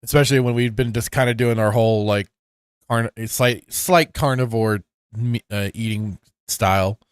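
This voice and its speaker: A man in a loose, rambling podcast chat, reading chat comments aloud between laughs. His voice is smooth and clear, in a mid range, recorded close and dry with no room sound. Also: mid-range voice, moderate pace, no room sound. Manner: rambling, with frequent restarts and fillers, laughs often. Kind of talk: casual chat.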